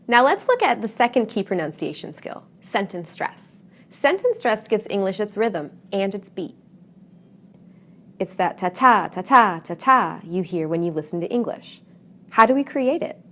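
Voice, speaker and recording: A woman teaching English pronunciation in a clear, deliberate, scripted lesson narration. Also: mid-range voice, sing-song. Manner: clear, deliberate teaching delivery with modeled stress patterns.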